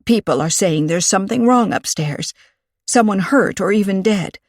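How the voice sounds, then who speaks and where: Woman narrator voicing a firm, practical friend, brisk and take-charge, dry close sound. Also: mid-range voice, animated, no echo. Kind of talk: audiobook character reading.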